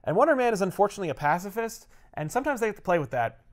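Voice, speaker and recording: A man telling a comic storyline in casual chat, animated and full of fillers. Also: high voice, rapid-fire.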